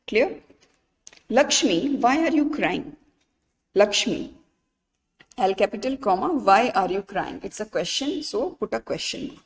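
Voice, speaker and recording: A woman's voice: mid-range voice, animated, unhurried, big-room sound. A woman with an Indian English accent teaching an online English grammar lesson, explaining step by step and checking with her students.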